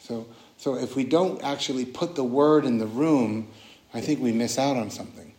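A man's voice: mid-range voice, normal speed, a little mellow. A man leading a casual, earnest dharma talk as a meditation teacher, often restarting his sentences. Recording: roomy echoing hall.

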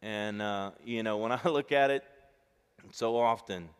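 A man's voice: fairly low pitch, measured pace, clean tone. Man preaching in an echoing hall. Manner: conversational, storytelling, acts out family dialogue. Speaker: pastor. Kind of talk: sermon. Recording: long reverb of a large hall.

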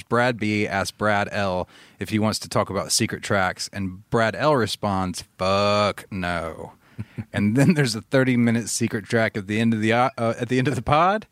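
A man's voice: lowish voice, a bit bright, no room sound. A man with a Southern US accent co-hosting a podcast, reading an email aloud in easygoing, chuckling chat. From southern United States. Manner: easygoing, chuckling, swears casually. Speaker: podcast co-host.

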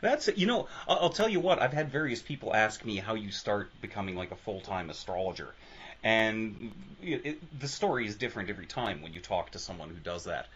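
A man's voice: on the low side, brisk. A man hosting an interview, giving short reactions and reflecting on how people start in astrology. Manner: brief backchannel replies, lively reactions. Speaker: podcast host. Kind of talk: casual interview. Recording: dull lo-fi line with faint noise.

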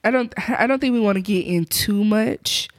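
A co-host in casual podcast chat, relaxed, teasing and giggly. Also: mid-range voice, normal speed, no echo.

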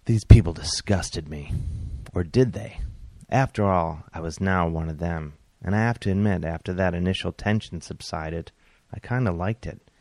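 A comedian and author reads his own comic story aloud, wry and deadpan with flashes of exasperation. His voice is low, his pace normal, and the recording dry.

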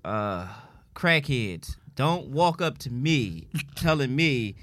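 A man's voice: medium pitch, very animated, slow, a bit bright. A man co-hosting a podcast, telling loose, profane, laughing stories in casual chat. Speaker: podcast co-host.

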